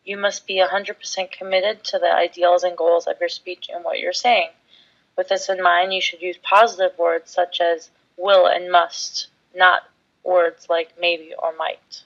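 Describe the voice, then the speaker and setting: A woman with a fairly low voice explains speaking techniques in a clear, measured teaching manner. The recording sounds a little dull and lo-fi. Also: flat delivery. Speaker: instructor. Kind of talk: scripted instructional talk.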